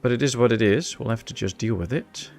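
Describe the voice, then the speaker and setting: A Dutch-accented man talks casually over a city-building game as a streamer, joking with his chat in a relaxed, easygoing way. His voice sits at an ordinary middle pitch with a noticeably gravelly, creaky edge. Soft game music plays faintly behind him. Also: fairly quick. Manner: chatty, laid-back, answers chat with jokes. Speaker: gaming streamer. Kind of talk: live-stream gameplay commentary.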